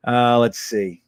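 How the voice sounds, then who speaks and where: A man's voice: mid-range voice, clean tone, no room sound. A man hosting a casual live stream, reading viewer comments aloud with a blunt, profane, reactive manner.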